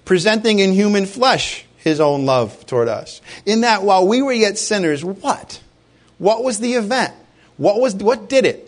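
A man's voice: high-pitched, animated, normal speed. A man preaching a sermon with passion, firing rhetorical questions at his congregation. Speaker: pastor.

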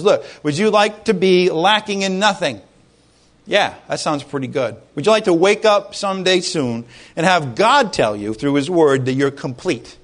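Conversational preacher, a man with a higher voice. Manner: conversational, animated, acts out short dialogues. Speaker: pastor. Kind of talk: sermon.

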